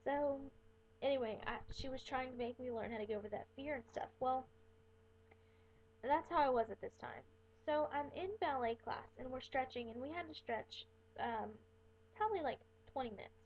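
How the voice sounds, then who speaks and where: A woman's voice: high voice, moderate pace, darkish tone. A young woman casually telling a personal story in a rambling, chatty way, full of fillers. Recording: tinny phone-like webcam audio.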